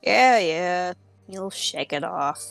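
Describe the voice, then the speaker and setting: Woman voicing a gruff, swearing old dragonborn healer, tired of everyone. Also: fairly low pitch, animated, slow pace, a bit bright, faint music behind, full character voice. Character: grumpy old male dragonborn healer, crude and weary.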